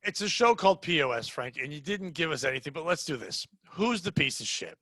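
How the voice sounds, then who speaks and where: A man's voice: on the high side, lively intonation, a little fast, fairly bright tone, no echo. A man hosting a comedy podcast, ranting in a brash, profane, mocking way. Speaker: podcast host.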